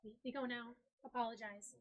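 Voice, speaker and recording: A woman's voice: on the high side, steady tone, a little fast, natural voice. A woman voicing a small female adventurer who talks in broken, clipped phrases. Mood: urgent.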